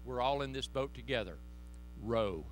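A man preaching a sermon to his congregation in church, impassioned and folksy, swinging between loud exhortation and hushed asides. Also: mid-range voice, animated, moderate pace, slight background noise. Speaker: pastor.

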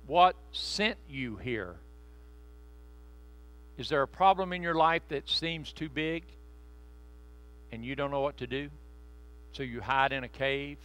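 A man preaching a sermon in a conversational, joking way, slowing down to stress key phrases. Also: medium pitch, fairly even intonation, fairly bright tone, smooth. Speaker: pastor.

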